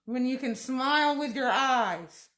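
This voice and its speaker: A woman's voice: sits high, a little slow, fairly bright tone. A woman hosting a casual live stream from home, greeting viewers by name and laughing often. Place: room at home. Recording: echoey room.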